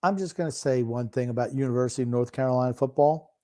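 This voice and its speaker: A man's voice: medium pitch, fast talker, mellow. An older man co-hosting a sports podcast, grumpy and teasing in casual chat. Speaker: podcast co-host.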